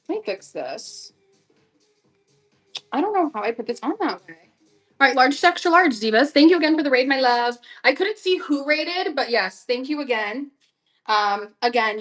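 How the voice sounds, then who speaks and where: A woman's voice: on the high side, a bit bright, poor audio. Gushing young woman selling clothes live. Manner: chatty, gushing, talks straight to viewers. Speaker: live-stream vintage clothing seller. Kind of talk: casual live-selling chat.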